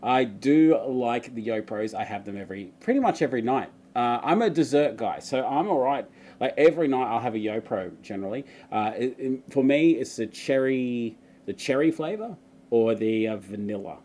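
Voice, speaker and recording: A man's voice: medium pitch, expressive, normal speed, mellow. A man, chatting loosely and laughing often as he answers viewer questions in a live stream, breaking into mock-dramatic outbursts. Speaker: vlogger. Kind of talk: live Q&A chat.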